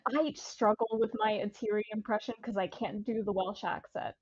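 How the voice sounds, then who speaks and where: A woman in casual group chat, excitable and rambling as she talks. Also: medium pitch, moderate pace, husky, no echo. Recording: dull lo-fi mic.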